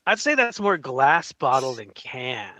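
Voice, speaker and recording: A man's voice: medium pitch, very animated, measured pace, sharp tone, dry recording. A man trading goofy jokes in live radio banter. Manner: goofy, jokey, playful. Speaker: show regular.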